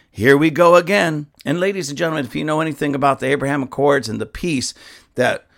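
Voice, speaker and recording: Man, church pastor, impassioned commentary, emphatic, slightly high voice. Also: vocal fry. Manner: emphatic, repeatedly addresses "ladies and gentlemen". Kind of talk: impassioned political commentary, reading news aloud.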